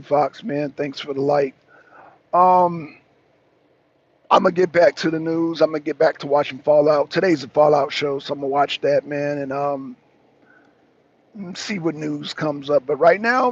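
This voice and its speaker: A man's voice: fairly high pitch, muffled recording. A man hosting a livestream, talking to his chat in an emphatic, repetitive way and arguing back at commenters. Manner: emphatic, repeats himself, argues back. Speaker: host.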